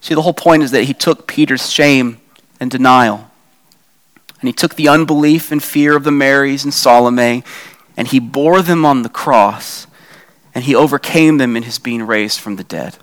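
A man's voice: mid-range voice, normal speed, fairly bright tone. A man preaching a sermon in a conversational way, asking the congregation rhetorical questions and acting out quoted lines. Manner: acts out quoted lines with a raised voice. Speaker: pastor.

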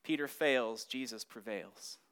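A man's voice: medium pitch, unhurried, a bit bright, clean tone. A man teaching a Bible study lesson, acting out the quotes with rising and falling intensity.

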